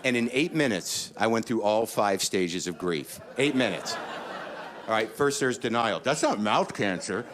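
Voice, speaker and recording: A middle-aged man doing a stand-up comedy set, ranting neurotically and jumping into panicked high-pitched voices. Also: animated, unhurried, crowd noise, noisy background. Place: comedy stage before a laughing audience.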